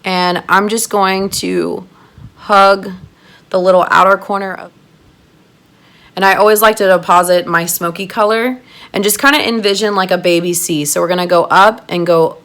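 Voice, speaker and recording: A woman giving a chatty makeup tutorial, gushing and excitable as she talks to her viewers. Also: mid-range voice, normal speed. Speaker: makeup artist doing a tutorial.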